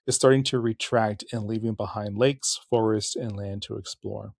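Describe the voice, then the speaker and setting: Rambling, candid podcast host. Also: male voice, lowish voice, fairly even intonation, normal speed, vocal fry, few pauses, a little mellow, no room sound, clean studio sound. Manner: rambling, candid, curses, frequent restarts and self-corrections. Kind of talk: casual podcast monologue and history narration.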